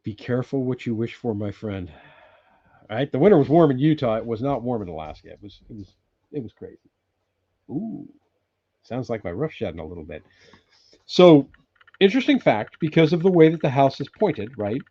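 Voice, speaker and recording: Rambling older man with a lively, mellow voice. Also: mid-range voice, a little fast, long pauses, slightly rough, highs cut off. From California. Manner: rambling, chatty, laughs often, greets viewers loudly. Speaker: live-stream host. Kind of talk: casual live chat with viewers. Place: off-grid cabin indoors.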